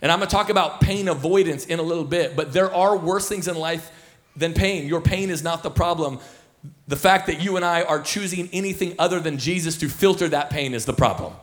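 A senior pastor in his thirties preaches a sermon to his church in the auditorium, his voice fairly high and a little fast. He tells it loosely like a story, casual and full of fillers and restarts.

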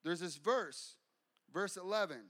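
A man's voice: high-pitched, a little slow, fairly bright tone. A man preaching a sermon as pastor, fervent and repeating phrases for emphasis.

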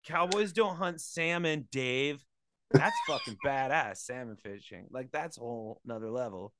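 A man's voice: mid-range voice, wildly swooping pitch, measured pace, a bit bright, a little hiss or hum. A man co-hosting a podcast, riffing in profane, jokey casual chat. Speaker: podcast co-host.

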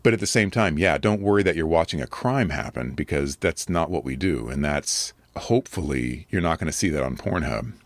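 Very deep, rough-voiced man. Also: lively intonation, a little fast, hardly any pauses, dry recording. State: a little rough from allergies. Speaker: adult video creator answering comments. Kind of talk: casual commentary on viewer comments.

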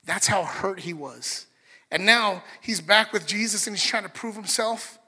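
A man's voice: high voice, unhurried, bright, forceful tone, breathy edge. A man preaching a sermon in an earnest, conversational way, with restarts and asides to the congregation. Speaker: pastor. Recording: reverberant hall.

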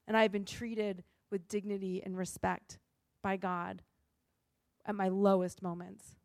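A woman pastor giving a sermon in an earnest, expressive way, acting out the lines she quotes. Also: medium pitch, measured pace, no echo, studio quality.

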